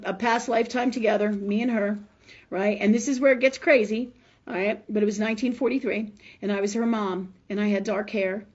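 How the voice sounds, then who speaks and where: Middle-aged woman host, husky voice, emphatic storytelling, keeps going "right?", dull lo-fi stream sound. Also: medium pitch. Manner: emphatic, keeps asking "right?", swears freely. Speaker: host of a live spiritual health show. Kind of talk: emotional storytelling to a live audience.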